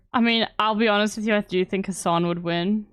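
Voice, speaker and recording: A woman's voice: mid-range voice, fairly even intonation, normal speed, a bit bright, clean tone, no echo, clean studio sound. A woman streamer chatting to her viewers while reacting to a podcast, often tagging "okay?" onto her sentences. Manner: chatty, talks to her chat with repeated "okay?". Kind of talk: casual reaction commentary.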